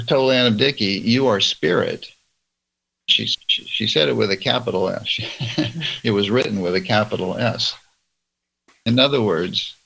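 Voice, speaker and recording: Slow gravelly man leading church discussion. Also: medium pitch, sharp tone, low-quality recording. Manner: slow, measured reading with quoted passages. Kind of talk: reading and discussing religious texts.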